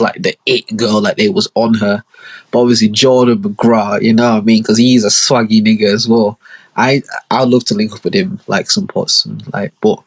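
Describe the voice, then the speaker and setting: A young man, hosting a podcast and telling long, rambling stories in casual slang, with many asides. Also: mid-range voice. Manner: slangy, rambling, full of asides and acted-out quotes. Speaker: podcast host. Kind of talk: casual storytelling monologue.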